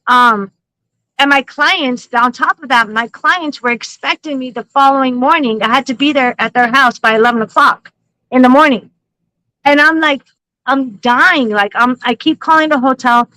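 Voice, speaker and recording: A woman hosting a psychic-reading livestream, telling a story in an animated, laughing way and swearing freely. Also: sits high, normal speed, no echo, low-quality recording. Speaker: psychic reader and livestream host.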